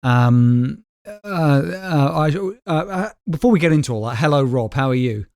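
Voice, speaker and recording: A man's voice: fairly high pitch, expressive, normal speed, darkish tone, no echo, studio quality. A man co-hosting a podcast in casual, teasing chat. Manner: chatty, teasing, interrupts and chips in. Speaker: podcast co-host.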